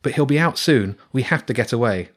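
A man's voice: mid-range voice, lively intonation, fairly quick, lightly acted. A man voicing an earnest young girl in a storybook, anxious and insistent. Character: earnest young girl, group's steady one.

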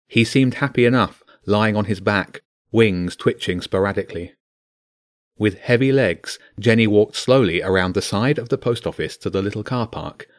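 A man's voice: lowish voice, no room sound, studio quality. A man narrating a children's fantasy book, voicing each character. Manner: expressive, voices each character.

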